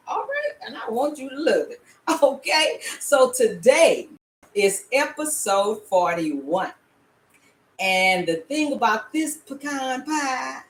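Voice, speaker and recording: Older woman, chatty home-cooking host, playful check-ins, mid-pitched voice, roomy echoey kitchen sound. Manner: chatty, playful, frequent laughs and "all right?" check-ins. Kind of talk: casual recipe demonstration. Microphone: laptop camera.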